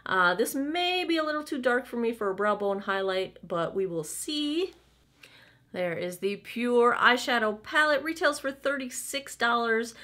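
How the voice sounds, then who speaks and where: A woman's voice: on the high side, lively intonation, unhurried, sharp tone. A woman in her thirties chatting casually through a makeup try-on, candid and playful with asides. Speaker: beauty vlogger.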